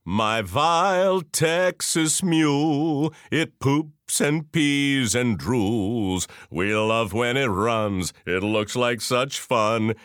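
A man voicing a young vaudeville singer, crooning a slow comic song parody. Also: medium pitch, fairly bright tone, clear, resonant tone, dry recording, studio quality, pitched above the performer's own voice.

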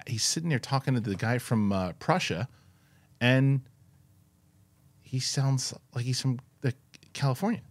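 A man's voice: mid-range voice, no room sound. A man co-hosting a podcast, chatting casually about a film with lots of restarts and some swearing. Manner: rambling, frequent restarts, swearing. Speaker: podcast co-host. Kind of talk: casual movie review chat.

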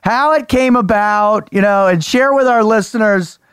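A man's voice: high-pitched, normal speed, a bit bright, clear, resonant tone, dry recording, clean studio sound. A man hosting a podcast interview, asking questions in an enthusiastic, casual way. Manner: enthusiastic, casual, swears freely. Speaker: podcast host.

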